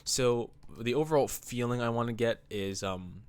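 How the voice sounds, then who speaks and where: A man's voice: mid-range voice, normal speed, clear, resonant tone. A man casually talking through his own drawing in a rambling, laid-back, self-deprecating way, a bit out of breath. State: slightly out of breath. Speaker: artist vlogger. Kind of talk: casual commentary over drawing.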